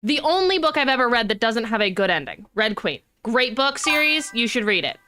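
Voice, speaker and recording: Bright-voiced young woman streamer. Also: fairly high pitch, a little fast. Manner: animated, rambling and profane. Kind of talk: casual stream chat.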